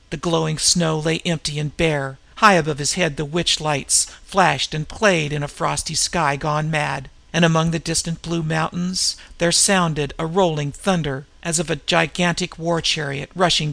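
Gravelly-voiced man narrating adventure. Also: a little high, a bit bright, dry recording. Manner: measured, vivid storytelling. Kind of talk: dramatic audiobook narration.

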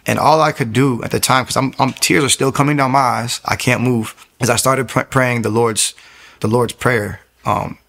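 A man's voice: medium pitch, normal speed, gravelly, a bit bright. A young man giving a candid, earnest personal testimony, often stopping and restarting his sentences.

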